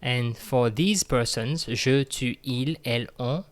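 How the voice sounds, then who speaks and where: A man's voice: medium pitch, slow. A man teaching a French grammar lesson, speaking patiently, repeating words and using many fillers.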